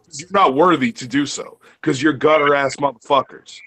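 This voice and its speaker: Man from sonora, mid-high voice, taunting heated arguer. good for a podcast feud. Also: steady tone, moderate pace, pushed and bright. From northern Mexico, Sonora area. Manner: taunting, repeats jabs, heavy cursing. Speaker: podcast guest. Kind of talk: heated argument.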